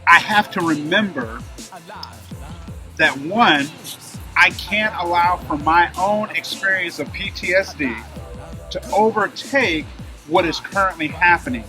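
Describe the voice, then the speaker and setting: A man telling a personal story in casual conversation, acting out the voices and shouts of the people involved. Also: sits high, measured pace, faint music behind. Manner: animated retelling, acting out shouted dialogue. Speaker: guest telling his story.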